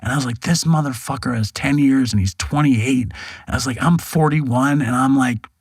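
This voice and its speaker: A man's voice: mid-range voice, moderate pace, slightly rough, dry recording. A man in his forties, a podcast guest, tells his story frankly, swearing and acting out the lines of other people. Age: 40s. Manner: frank, animated, acts out quoted dialogue, swears. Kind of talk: candid storytelling interview. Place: podcast studio.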